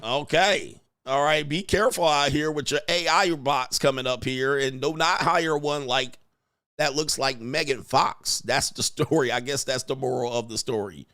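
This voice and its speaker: A man hosting a stream, reacting to a clip in casual commentary, talking in an animated, exclaiming way and laughing often. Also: medium pitch, normal speed. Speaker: host.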